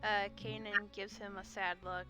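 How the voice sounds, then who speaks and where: A woman playing a tabletop game who describes her character's actions softly and hesitantly. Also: mid-range voice, little pitch movement, faint music behind. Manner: slow, soft-spoken, hesitant narration. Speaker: player.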